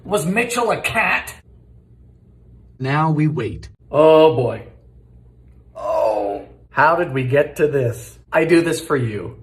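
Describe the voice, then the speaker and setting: A man doing comedic cooking commentary on old recipes in his home kitchen, with deadpan one-liners and ingredients called out in sudden shouts. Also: fairly high pitch, slow pace, long pauses, echoey room.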